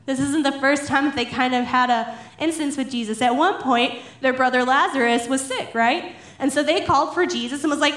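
Chatty high-voiced woman preaching. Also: moderate pace, roomy sound. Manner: chatty, laughing, acts out Bible figures in animated voices. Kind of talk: casual sermon.

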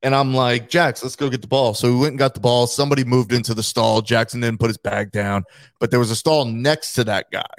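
A man's voice: medium pitch, steady tone, brisk, no echo, clean studio sound. A man co-hosting a podcast, telling a profane, laid-back story in casual chat. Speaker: podcast co-host.

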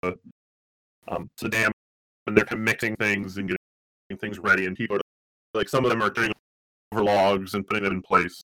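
A man runs a tabletop game as game master, narrating in a rambling way with fillers and restarts. His voice sits low but has a forceful, bright edge. The recording is dry and close. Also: flat delivery, a little fast, long pauses, no room sound, poor audio. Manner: rambling, many fillers and restarts, laughs often.

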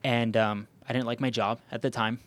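A man's voice: mid-range voice, little pitch movement, moderate pace, fairly bright tone. Casual rambling man with many fillers. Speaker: podcast host. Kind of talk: casual chat.

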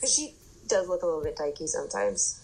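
A young adult woman telling an animated story in casual chat, with lots of fillers and swearing. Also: low-pitched, fast, slight background noise, poor audio.

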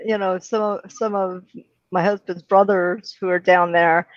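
A middle-aged woman co-hosting a casual chat, laughing often and talking in quick, animated bursts. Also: lowish voice, no echo, lo-fi sound. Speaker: podcast co-host.

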